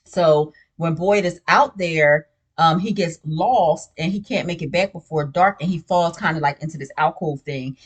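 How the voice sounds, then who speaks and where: A woman's voice: low-pitched, normal speed, slightly rough. A woman hosting a casual spoiler recap of a TV show. She talks in a chatty, slangy way and keeps asking "you know what I'm saying". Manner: sips a drink while talking.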